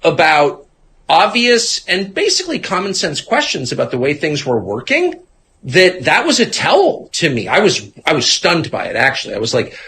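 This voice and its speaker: A man in his fifties speaks as an interview guest, his pitch swinging wildly up and down. His voice is bright and forceful, and he talks in a sardonic, animated way, slipping into mocking impressions of others. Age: 50s. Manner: animated and sardonic, mimics other people mid-sentence. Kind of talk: casual conversation.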